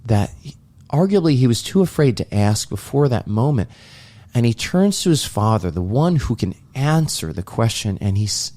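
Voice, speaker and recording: On a podcast he co-hosts, a man reflects earnestly on a movie scene and relays it casually, performing the quoted lines himself. His voice is mid-range with a darkish tone.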